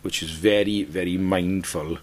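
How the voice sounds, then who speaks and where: Deep-voiced welsh guy on a podcast, chatty storyteller, trips over his words a bit. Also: moderate pace. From Wales. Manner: animated storyteller, repeats words when starting sentences. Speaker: singer, podcast guest. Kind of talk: casual chat.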